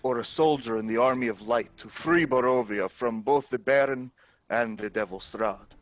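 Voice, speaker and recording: A man's voice: medium pitch, normal speed, lightly acted. A man playing a formal, persuasive dwarf adventurer. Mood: rousing. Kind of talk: in-character tabletop role-play.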